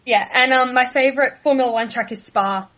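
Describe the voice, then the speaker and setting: A woman's voice: sits high, a little fast, fairly bright tone, lo-fi sound. A young woman from Australia with an Australian accent, answering interview questions casually and in a friendly way, laughing easily. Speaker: guest.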